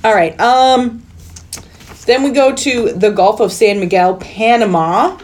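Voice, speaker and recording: American woman, fairly high voice, casual podcast chat, rambling, laughs a lot. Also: measured pace, darkish tone. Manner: rambling, laughs often, self-correcting. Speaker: podcast co-host. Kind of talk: casual movie-recap chat.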